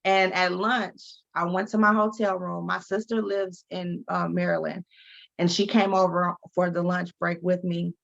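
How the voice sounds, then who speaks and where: Gravelly-voiced woman telling her story. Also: fairly low pitch, moderate pace. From Detroit. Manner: animated storyteller acting out quoted voices. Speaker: guest, advocate and speaker. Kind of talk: candid interview storytelling. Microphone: video call. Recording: dull lo-fi video call audio.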